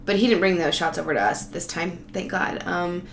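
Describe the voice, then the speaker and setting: A woman's voice: fairly low pitch, moderate pace, creaky. Woman rambling thru a story, swears a lot, sarcastic, echoey room w/ faint hum. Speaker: vlogger telling a travel story. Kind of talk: casual storytelling. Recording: roomy echo, faint background noise.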